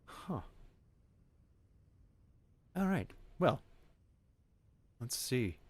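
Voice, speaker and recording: A man's voice: medium pitch, very animated, drawn-out words, no room sound. A man hosting a game livestream, chatting loosely and reacting to his chat as he plays. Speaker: livestream host. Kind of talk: casual chat while playing a game.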